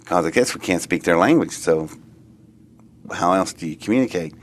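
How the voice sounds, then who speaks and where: A man being interviewed, telling a long story in a rambling, excitable way that often trails off and starts again. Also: low-pitched, moderate pace. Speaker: interviewee recounting an experience.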